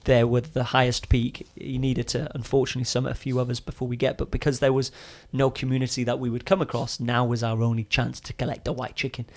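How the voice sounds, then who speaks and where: A young man, a podcast guest, telling a story in a casual, animated way with casual swearing and chatty asides. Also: mid-range voice, fast, hardly any pauses.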